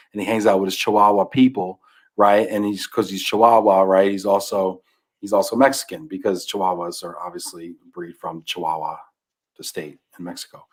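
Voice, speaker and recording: A man on a podcast, animatedly retelling a children's book, whose voice often drops to a mumble. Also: on the low side. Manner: animated storyteller, trails off into mumbles. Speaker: podcast guest. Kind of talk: casual chat.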